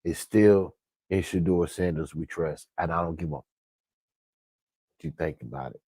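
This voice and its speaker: A man ranting bluntly with a deep, dark, husky voice. He talks slowly and drags out his words. The sound is dry and close, with hardly any room around it. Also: no room sound. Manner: blunt, profane, emphatic. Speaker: sports commentator vlogger. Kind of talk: ranting fan commentary.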